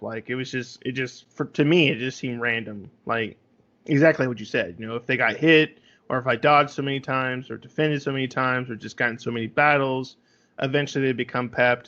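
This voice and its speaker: A man's voice: medium pitch, bright, forceful tone. Man, podcast co-host; explains game strategy in a loose, rambling way; muffled lo-fi sound. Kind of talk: casual game review chat. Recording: slightly dull lo-fi audio.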